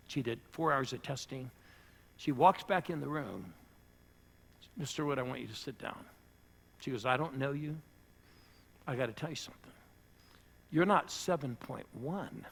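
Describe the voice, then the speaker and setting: An older man, a pastor, preaching to a church audience and telling a personal story, rising to loud bursts and dropping to hushed lines. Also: mid-range voice, creaky, husky. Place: church service before a live audience.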